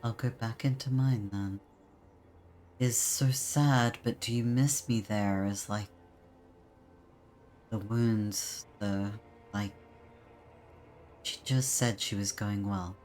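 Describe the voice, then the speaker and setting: Slow-drawling streamer. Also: mid-range voice, fairly even intonation, a little mellow, faint music behind. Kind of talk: casual gameplay commentary.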